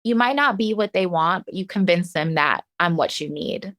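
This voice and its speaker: A woman with a lowish voice, speaking as a guest in a relaxed interview. She tells her stories in an animated way, breaking into laughs and acting out the voices of people she quotes. She talks like a seasoned professional dancer. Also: moderate pace. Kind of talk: casual interview storytelling.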